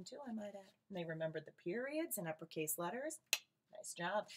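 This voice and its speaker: A woman teacher reading a picture book aloud to young students, expressive and animated, pausing for friendly asides. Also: fairly low pitch, breathy edge. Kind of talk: read-aloud storytime for children.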